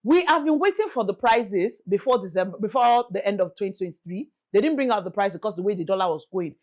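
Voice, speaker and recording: A young Nigerian woman with a Nigerian accent, hosting a casual real estate talk, pleading and animated, slipping in Yoruba phrases. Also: medium pitch, fast talker. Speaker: real estate vlogger host. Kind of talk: casual chat to camera.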